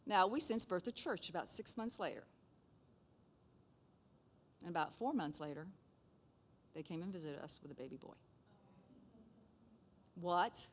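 A middle-aged woman, a nurse, shares a faith testimony in a lively way. She laughs often and acts out the dialogue. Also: on the low side, a little slow, pauses often. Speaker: speaker sharing testimony. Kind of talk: casual testimony storytelling.

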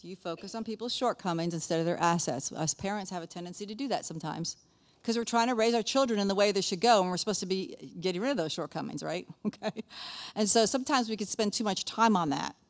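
A woman's voice: mid-range voice, fast. Middle-aged woman, folksy church teacher, chatty asides, scripture quoted in a preaching tone. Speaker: speaker at a church gathering. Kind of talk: sermon-style teaching.

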